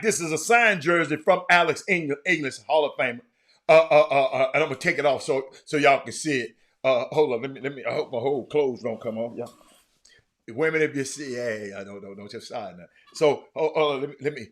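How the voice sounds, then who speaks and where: A middle-aged man, hosting a casual live show and talking to his viewers. He is animated and teasing, repeats words, and breaks into shouts in bursts. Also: medium pitch, fairly quick. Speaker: show host.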